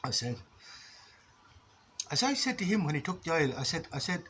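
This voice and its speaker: A man's voice: a little high, sing-song, racing, fairly bright tone, a little hiss or hum, rough recording. An Irish man giving a blunt, rambling philosophical monologue, swearing freely as a vlogger.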